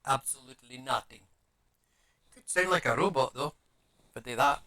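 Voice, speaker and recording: Streamer, male, mid-pitched, mutters through a model build and chats to his viewers. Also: moderate pace, sharp tone. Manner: mutters to himself while fiddling with small parts, chatty aside to viewers. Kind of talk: casual live-stream chat while working. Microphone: streaming mic with adjustable audio settings.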